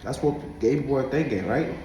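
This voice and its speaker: A man's voice: mid-range voice, expressive, a little fast, dark tone, reverberant, a little hiss or hum, poor audio. A man from Africa talking to camera in a casual monologue, preachy and emphatic, repeating his points. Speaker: vlogger.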